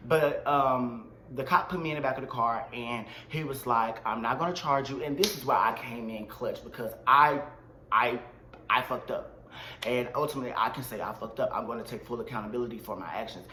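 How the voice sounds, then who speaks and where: A man telling a storytime vlog in an animated, slangy and dramatic way. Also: medium pitch, a little fast, echoey room, a little hiss or hum. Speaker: vlogger.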